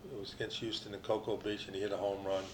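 A man's voice: on the low side, flat delivery, quick pace, background noise. An older man, a former ballplayer, telling long anecdotes in a casual interview, with restarts and quoted voices.

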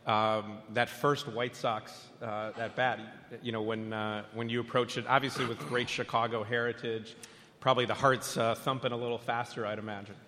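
A man with a bright, sharp tone hosts a panel in a big hall, halting and doubling back on his words between questions. The long reverb of the room trails behind every phrase. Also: medium pitch, flat delivery, slight background noise. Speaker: panel moderator. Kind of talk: moderating a live panel. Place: event hall with a crowd.

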